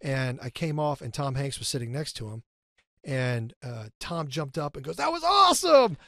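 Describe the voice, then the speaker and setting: A man in his fifties, a guest, telling stories in a casual, animated way with lots of fillers. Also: mid-range voice, normal speed, dry recording, studio quality. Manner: animated, acts out quotes, many fillers. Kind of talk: casual storytelling.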